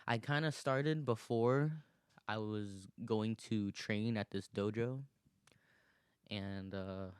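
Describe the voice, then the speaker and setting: Casting: man in his twenties, low voice, loose rambling solo podcast talk, swears freely, laughs between thoughts. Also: steady tone, slow, clean tone, no echo, clean studio sound. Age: 20s. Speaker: podcast host. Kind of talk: casual solo monologue.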